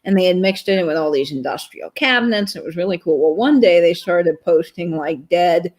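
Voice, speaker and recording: A woman guest on a live stream, chatting casually and telling lively stories. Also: on the low side, brisk. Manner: animated storyteller, laughs into her stories.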